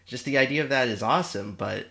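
A man co-hosting a casual podcast, with a bright, forward tone. He speaks earnestly and articulately and slips in wry jokes. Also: medium pitch, quick pace, gravelly. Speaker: podcast co-host.

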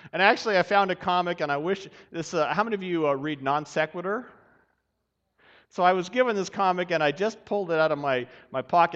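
A male pastor preaching a sermon in a church, in an animated, folksy and humorous way. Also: fairly high pitch. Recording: dull sound with long hall reverb.

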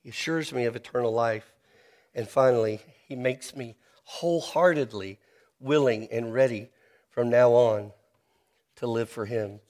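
A man preaching a sermon, earnest and personal, slowing down to stress key phrases. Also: mid-range voice, a little mellow. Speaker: pastor.

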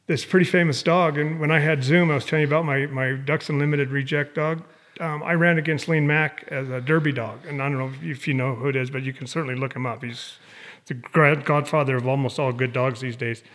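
A man who trains dogs as an amateur, a guest in a casual interview, telling stories in an animated way. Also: mid-range voice.

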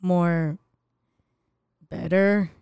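A woman's voice: fairly low pitch, fairly even intonation, drawn-out words, gravelly, a little mellow, clear, resonant tone, no echo, studio quality. A young woman co-hosting a podcast, giggly in chat and careful when she reads ads. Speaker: podcast co-host.

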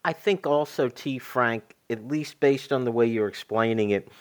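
A man co-hosting a sports talk show, summing up points about a football recruit in a measured way. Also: mid-range voice.

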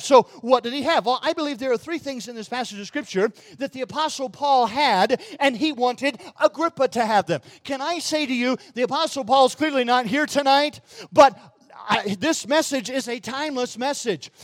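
A man preaching a sermon with a Southern accent, slowing and rising in pitch for emphasis when he quotes. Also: expressive, no echo. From Mississippi, USA. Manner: emphatic preaching, slows and rises for quoted lines.

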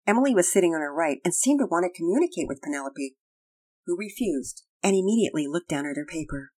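A woman reading a children's story aloud with expressive, plain storytelling. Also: deep voice, husky, poor audio. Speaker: narrator.

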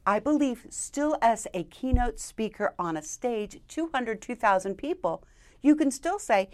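Animated woman keynote speaker. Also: a little slow. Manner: animated, emphatic delivery with lively pitch swings. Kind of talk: conversational interview, coaching tips.

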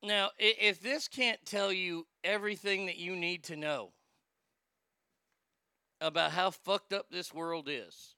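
Sarcastic swearing guy ranting on his vlog, high gravelly voice, super bright. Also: slow, dry recording, clean studio sound. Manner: profane, sarcastic, mocking. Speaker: commentator. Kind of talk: casual commentary vlog.

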